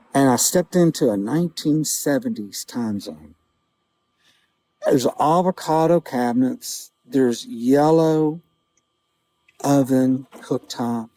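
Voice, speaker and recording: A man vlogging outdoors, telling a vivid personal story in a casual, halting way, with quoted dialogue. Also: mid-range voice, dark tone, poor audio. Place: outdoors outside a small-town grocery store.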